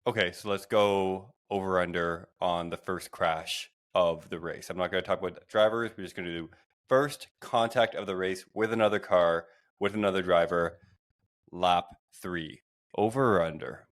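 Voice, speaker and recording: Deep-voiced man co-hosting a podcast. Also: steady tone, moderate pace. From Canada. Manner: joking, swears, leads the segments. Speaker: podcast co-host. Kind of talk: casual chat.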